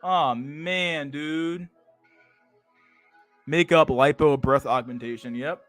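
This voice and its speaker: A man's voice: fairly high pitch, takes it slowly, fairly bright tone, no echo, faint music behind. A young man hosting a casual livestream, with profane, slang-heavy talk full of "dude" and "bro" and frequent restarts. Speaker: livestream host.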